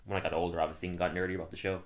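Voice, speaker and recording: A man co-hosting a casual chat, animated and laughing often as he acts out quotes. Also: low-pitched, racing. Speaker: podcast co-host.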